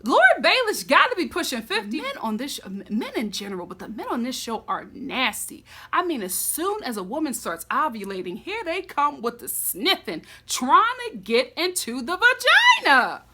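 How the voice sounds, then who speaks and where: A woman giving a casual, expressive TV episode recap as a vlogger. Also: sits high, moderate pace, hardly any pauses, husky. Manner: expressive, animated storytelling.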